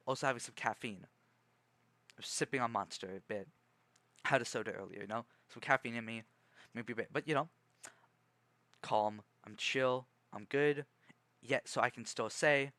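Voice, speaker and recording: A young man with a bright, forceful voice talks on a livestream in a loose, rambling way, restarting his sentences often. He keeps a calm, measured tone. The sound is dry and close, with no room around it. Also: medium pitch, no room sound. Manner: rambling, hesitant, many restarts and fillers. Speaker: streamer. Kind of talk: casual livestream chat.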